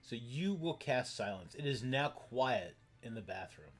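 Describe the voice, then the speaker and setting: A man serves as game master for an online tabletop session. He talks his way through the rules with plenty of ums and restarts. His pitch rises and falls in a lively, sing-song way. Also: slightly rough, faint music behind. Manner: rambling, halting explanations full of fillers.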